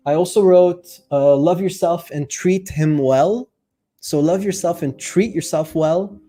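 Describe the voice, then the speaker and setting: A man's voice: fairly high pitch, a little slow, warm tone, soft background music. A man coaching viewers in a casual, earnest monologue, thinking aloud with fillers and speaking openly about his feelings. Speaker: life coach. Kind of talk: casual reflective monologue to camera.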